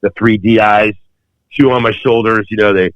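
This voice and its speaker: Low-voiced man telling a story. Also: steady tone, normal speed, no echo. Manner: rambling, many fillers and restarts. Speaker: podcast guest. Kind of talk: storytelling in conversation. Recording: dull, dry podcast audio.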